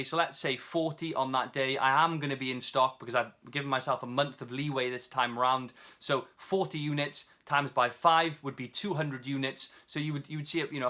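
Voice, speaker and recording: A British man giving a casual video tutorial as an online seller, talking quickly with many fillers and restarts. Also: medium pitch, bright, forceful tone. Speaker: online seller teaching a course.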